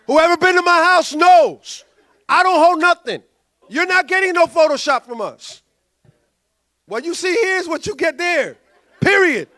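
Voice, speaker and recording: A male pastor, preaching a sermon in an animated way and acting out quoted voices. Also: extremely high pitch, measured pace. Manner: animated, acts out quoted voices, loud bursts.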